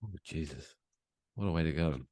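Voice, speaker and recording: A man's voice: very deep voice, normal speed, dry recording, studio quality. A man, co-hosting a casual podcast with jokes and swearing. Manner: animated, swearing, jokey. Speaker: podcast co-host.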